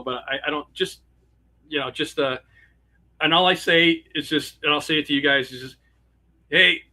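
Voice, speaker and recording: A man's voice: mid-range voice, sharp tone. A man, a musician and comedian, chatting loosely as a guest on a podcast. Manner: rambling, loose and friendly. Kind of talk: casual interview chat.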